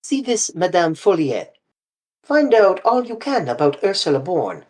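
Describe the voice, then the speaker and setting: A reader putting on a fussy older male detective, precise and prying, who questions everyone closely. His voice sits higher than the narration and leaps about in pitch. The delivery is audiobook character work. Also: unhurried. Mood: urgent. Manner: precise, probing, excitable.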